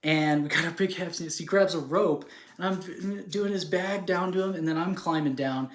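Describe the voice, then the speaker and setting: A man telling a personal story in a casual, rambling way, full of fillers and animated retellings. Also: fairly high pitch, moderate pace. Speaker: spiritual speaker. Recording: roomy echo.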